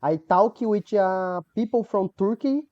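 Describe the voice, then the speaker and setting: A woman from Bulgaria speaking English haltingly as a learner, searching for words with many pauses and fillers. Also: medium pitch, dark tone, muffled recording. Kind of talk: casual chat.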